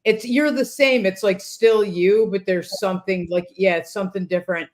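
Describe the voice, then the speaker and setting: A woman's voice: medium pitch, steady tone, normal speed, darkish tone. Eager woman host with stammering restarts. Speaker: host and medium. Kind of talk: casual talk-show conversation.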